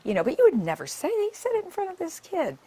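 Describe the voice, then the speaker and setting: A woman's voice: very high-pitched, wildly swooping pitch, fast, mellow. An older woman, a nurse, giving a public talk and telling her stories in a conversational way with many asides.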